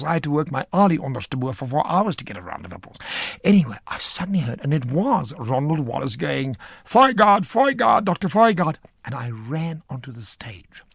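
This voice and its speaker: Older male actor, gravelly and a bit husky, spinning theatrical stage anecdotes with flair. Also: medium pitch, dry recording, clean studio sound. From South Africa. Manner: animated, theatrical storyteller with flamboyant asides. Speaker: actor telling theatre stories. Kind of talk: theatrical anecdote in a radio interview.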